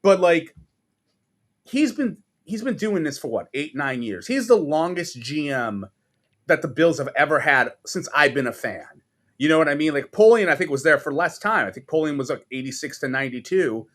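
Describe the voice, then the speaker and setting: Casting: man, New York accent, fired-up sports podcast rant, cursing freely, somewhat high voice. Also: animated, moderate pace, fairly bright tone. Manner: profane, exasperated ranting with mocking impressions. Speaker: podcast co-host.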